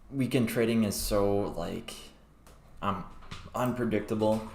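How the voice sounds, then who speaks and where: A young man hosts a crypto trading livestream, chatting casually in a fairly low, slightly mellow voice with vocal fry. He rambles with many fillers and restarts, in an echoey room with faint background noise.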